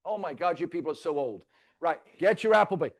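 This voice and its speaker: Brief: male trainer, high voice, theatrical and teasing with the crowd, onstage. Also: animated, fast talker. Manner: theatrical, teasing, swings loud and soft. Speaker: real estate trainer. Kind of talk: live training talk to an audience. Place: stage before a live audience.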